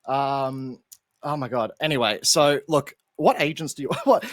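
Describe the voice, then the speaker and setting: A man's voice: mid-range voice, animated, a little fast, dry recording. A man casting a charity esports match, playful and hammy, slipping into silly voices. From Australia. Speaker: esports caster. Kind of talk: charity tournament commentary.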